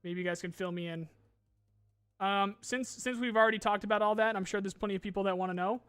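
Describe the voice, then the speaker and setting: A man's voice: sits high, fairly even intonation, quick pace, fairly bright tone, smooth, dry recording, clean studio sound, soft background music. A young adult man hosting a gaming podcast in casual chat, ranting with lots of swearing and restarts.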